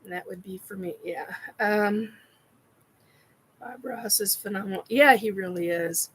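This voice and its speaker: Slow-talking giggly woman streamer. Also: mid-range voice, fairly bright tone, slight background noise. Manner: giggly, swears often, answers chat comments. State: giddy and laughing. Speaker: live stream host. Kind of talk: casual live chat reacting to a painting video.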